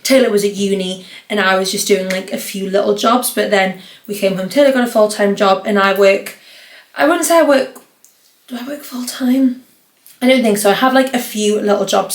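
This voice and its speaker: A young woman from the North East of England, hosting her podcast in a rambling, chatty way with lots of fillers. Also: mid-range voice. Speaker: podcast host. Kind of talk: casual solo podcast chat. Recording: roomy echo.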